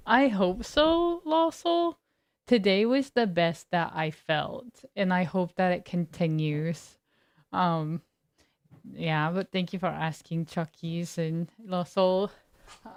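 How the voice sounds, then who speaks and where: A woman's voice: fairly low pitch, slow pace, clean tone, dry recording. A woman streamer chatting casually with her live viewers, laid-back and giggly, greeting people by name. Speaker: game streamer.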